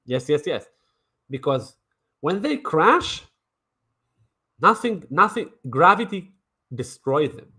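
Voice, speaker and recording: A man's voice: a little high, very animated, takes it slowly, long pauses, pushed and bright, husky. A man streaming crypto trading commentary in a brash, mocking way, swearing and repeating himself. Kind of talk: casual livestream commentary.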